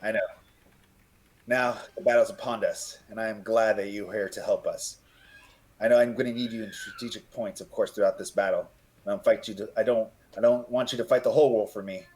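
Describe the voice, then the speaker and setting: A man's voice: on the low side, steady tone, brisk, a little mellow, close to an everyday voice. A man voicing a noble lord who formally thanks and rallies adventurers before a battle, in a tabletop game. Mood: earnest. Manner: formal, rousing speech. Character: noble male lord, commander rallying allies.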